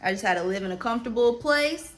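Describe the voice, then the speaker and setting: A woman vlogger in casual, animated spiritual commentary, exclamatory and slangy, talking straight to her viewers. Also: a little high, fast talker.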